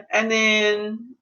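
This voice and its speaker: Sassy high-voiced woman reviewing a film. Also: fairly bright tone, dull audio. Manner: sassy, slangy, playful retelling. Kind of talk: casual spoiler review chat.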